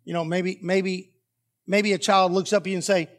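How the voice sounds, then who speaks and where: A man's voice: high-pitched, flat delivery, moderate pace. A man preaching a sermon as pastor, telling a story animatedly and acting out the dialogue.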